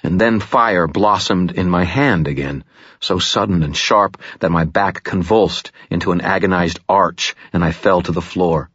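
A man narrates a first-person novel in an intense, dramatic way. His voice is very deep and husky. The recording sounds dry and slightly dull. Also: unhurried, fairly bright tone, no echo. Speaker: audiobook narrator.

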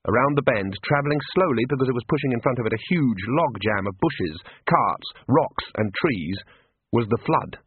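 Expressive male audiobook narrator, phone-like. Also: medium pitch, moderate pace, slightly rough, no echo. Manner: lively, expressive storytelling. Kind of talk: scripted narration. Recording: tinny phone-like dry sound.

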